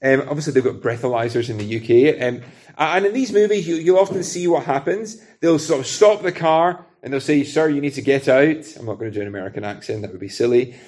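A man's voice: medium pitch, fast talker, a little mellow. A man from Britain preaching a sermon in an earnest, conversational way, using everyday illustrations.

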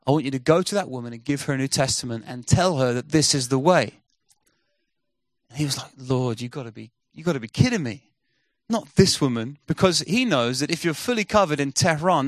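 Male preacher, mid pitch, dry close sound, lively storyteller; acts out dialogue. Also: no echo. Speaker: missionary speaker. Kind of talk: sermon storytelling.

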